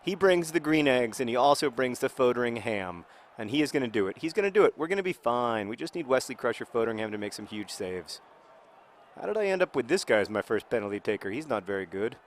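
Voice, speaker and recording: A man chats loosely while playing a video game, his voice rising and falling in a lively, animated way. He rambles and restarts his thoughts often. Without warning he can burst into loud, excited yelling at the match. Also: medium pitch, fast talker. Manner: rambling, with many restarts and fillers. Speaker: author and video game player.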